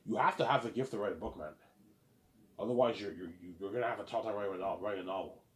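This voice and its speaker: A fast-talking man with a fairly low pitch goes on boastfully about his own book. The self-published author and vlogger swears freely and repeats himself as he plays out praise he imagines.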